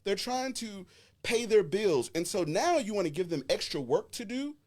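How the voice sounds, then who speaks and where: A woman, co-hosting a casual panel chat, blunt and quick to laugh. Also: medium pitch. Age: 30s. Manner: blunt, animated, laughing often. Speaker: podcast co-host.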